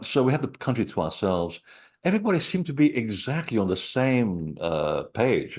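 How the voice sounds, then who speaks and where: A man, an author being interviewed, telling lively personal anecdotes full of asides and quoted thoughts. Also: lowish voice. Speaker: author and researcher of sacred sites. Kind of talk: conversational interview storytelling.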